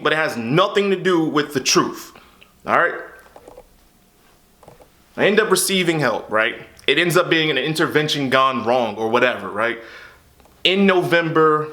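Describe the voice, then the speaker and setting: Exasperated young man with a bright voice. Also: fairly high pitch. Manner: frustrated, exasperated storytelling with repeated "what the hell". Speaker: YouTube creator. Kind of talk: candid personal monologue to camera.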